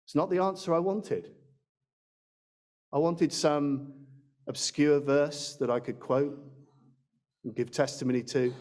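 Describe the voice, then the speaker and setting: A man's voice: fairly high pitch, normal speed, darkish tone. A man preaching a sermon in a church, chatty and self-deprecating, speaking into a handheld mic. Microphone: handheld microphone.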